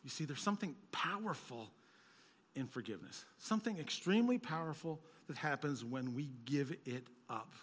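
A man preaching a sermon as a pastor, telling stories and rising to loud, emphatic peaks. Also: on the high side, animated, normal speed, husky, in a large hall.

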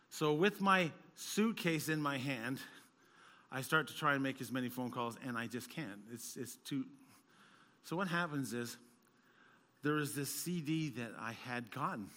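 A man preaching a sermon as a pastor, telling stories and rising to loud, emphatic peaks. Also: mid-range voice, long reverb tail.

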